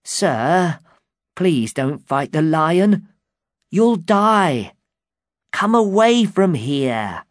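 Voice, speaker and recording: Man voicing a fretful squire, raised and urgent, slow storybook delivery. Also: fairly high pitch, very animated, dry recording, clean studio sound, pitched above the performer's own voice, full character voice. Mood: worried. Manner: anxious, begging. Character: loyal worried squire, a plain man. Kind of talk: storybook reading.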